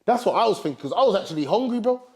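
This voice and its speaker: A young man from England telling a story in a casual, animated way, full of slang like bro and fam. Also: high-pitched, rapid-fire, slightly rough.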